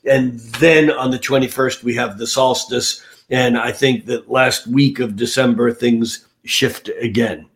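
A man's voice: mid-range voice, steady tone, unhurried, few pauses. An older man, an astrologer on a podcast, talking casually with many fillers and restarts. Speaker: astrologer guest.

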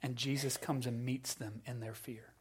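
A man preaching a sermon as a pastor, conversational and self-deprecating, often restarting words and dropping to a low, quiet voice for emphasis. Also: flat delivery, normal speed, breathy edge.

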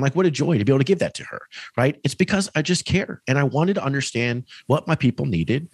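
A man in his thirties, a real estate agent on a podcast, telling a story with lively acted-out dialogue. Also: medium pitch, dry recording. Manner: animated storyteller, acts out dialogue. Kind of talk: podcast conversation.

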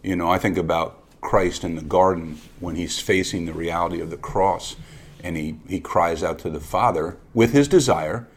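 Deep gravelly-voiced man, earnest co-host. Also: moderate pace. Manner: earnest, with frequent restarts and repeated words. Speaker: podcast co-host. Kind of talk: reflective conversational podcast talk.

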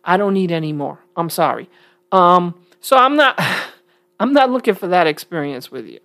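A woman's voice: lowish voice, animated, moderate pace, fairly bright tone. Blunt, emphatic woman talking to viewers. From New York. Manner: emphatic and blunt, with frequent chuckles. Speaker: vlogger. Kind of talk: casual talk to camera.

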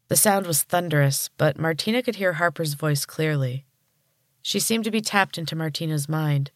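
A woman podcast host reading a story aloud in calm, even narration. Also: sits low, no echo, clean studio sound.

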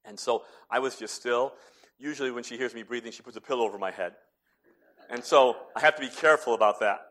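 With a mid-range voice, this middle-aged male pastor talks fast through his sermon. He moves back and forth between hushed, near-whispered lines and booming, emphatic declarations.

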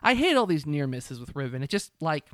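Brief: young male co-host, lively storyteller, swears a lot, clear voice on the higher side. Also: fairly quick, no echo, clean studio sound. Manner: animated storytelling, swears freely, acts out characters. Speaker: podcast co-host. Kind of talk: casual recap chat.

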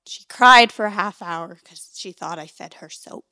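Brief: bright, crisp-voiced woman podcast co-host, giggly and chatty, close dry mic. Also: medium pitch, normal speed, no echo. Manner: giggly, chatty, explains recipes. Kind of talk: casual chat.

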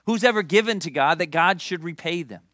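Young man, pastor, sermon, chatty and animated, bright tense voice, dry close sound. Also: a little high, brisk, no room sound. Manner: conversational, animated, storytelling with asides.

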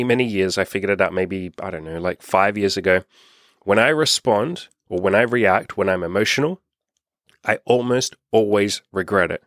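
A man's voice: on the low side, a bit bright, dry recording, studio quality. A man hosting a podcast, giving casual self-help advice straight to his listeners, laid-back and swearing freely. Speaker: podcast host.

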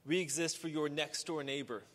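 A male pastor delivering a sermon, building from quiet reflection to emphatic, repeated preaching. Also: fairly high pitch, steady tone, moderate pace. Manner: rising to emphatic, repetitive preaching. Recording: long hall reverb.

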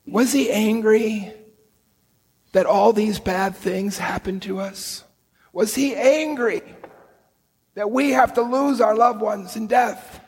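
A man preaching a sermon, telling the story with slow, deliberate emphasis in an earnest manner. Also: high voice, steady tone, a little mellow, breathy edge, in a large hall, low-quality recording. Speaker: priest.

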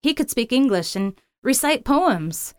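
A tearful old grandmother, as a woman narrator puts her on, speaking in a raised, slow, pleading voice. Her sorrow softens every word. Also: on the high side, very animated, clean tone, dry recording, clean studio sound, voice pushed up. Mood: grieving. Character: grieving grandmother, older village woman, gentle and sorrowful.

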